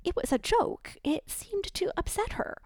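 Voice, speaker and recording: A woman voicing a chatty mother of young children who talks in quick, flustered apologies. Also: very high voice, animated, a little mellow, no echo, clean studio sound, voice pushed up.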